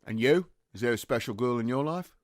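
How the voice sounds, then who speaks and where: A man's voice: mid-range voice, animated, a little fast, no room sound, clean studio sound, natural voice. A man reading the part of a cheeky, hopeful working-class young soldier in a script reading. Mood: joking.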